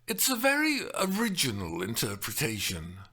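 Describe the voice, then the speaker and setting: A man's voice: medium pitch, wildly swooping pitch, normal speed, pushed and bright, husky, pitched above the performer's own voice, full character voice. A man reading a storybook voicing a prim, well-bred young woman who recites in an affected sing-song. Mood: tentative.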